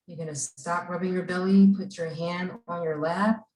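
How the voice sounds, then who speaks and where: A woman instructor walks a group of kids through a calm breathing exercise, speaking slowly and gently. Her voice sits a little low and comes from a distance, with plenty of room echo around it. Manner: slow, gentle, soothing guidance. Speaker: camp instructor leading children. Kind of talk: guided breathing and mindfulness exercise. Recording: echoey room, voice from far off.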